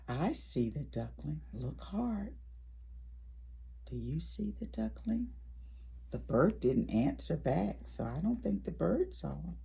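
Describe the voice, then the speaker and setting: A woman reading a picture book aloud at a library storytime for preschoolers, animated, with gasps and whispered asides to the children. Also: low voice, takes it slowly, creaky, breathy edge.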